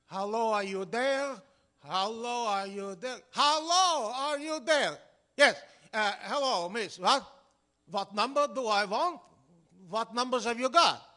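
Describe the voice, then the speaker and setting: A man's voice: very high voice, lively intonation, slow, pushed and bright, pitched above the performer's own voice, heavily acted. A man playing a flustered immigrant businessman on the telephone, in a stage Yiddish dialect, exasperated and repeating himself as he mixes up his words in a vaudeville comedy sketch.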